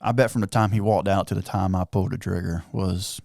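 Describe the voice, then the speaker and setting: A man telling a hunting story on a podcast, excited and animated, acting out what everyone said. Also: deep voice, a little fast, vocal fry, no echo, clean studio sound. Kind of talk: casual storytelling chat.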